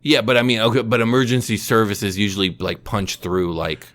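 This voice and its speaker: Deep-voiced male podcast co-host, animated, talks through his moves as he goes. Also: brisk. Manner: animated, thinks aloud, reads web pages out. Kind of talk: casual improvised survival game chat.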